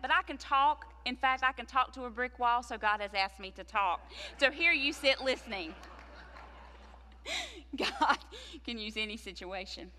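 A woman preacher telling a story in her sermon, slowing down to stress key words. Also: on the high side, bright, forceful tone, in a large hall. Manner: storytelling, slows for emphasis.

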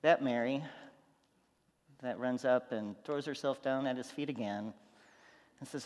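A man preaching a sermon, telling stories, going from loud and animated to quiet and soft. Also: mid-range voice, a little slow, pauses often, big-room sound. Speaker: pastor.

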